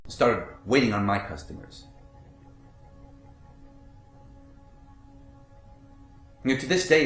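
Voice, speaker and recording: A man's voice: medium pitch, roomy sound, lightly acted. An actor playing a blunt, profane middle-aged butcher, telling his story in a theatrical monologue. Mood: bitter. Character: brash foul-mouthed middle-aged male butcher. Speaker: actor in a one-man stage monologue. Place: theater stage.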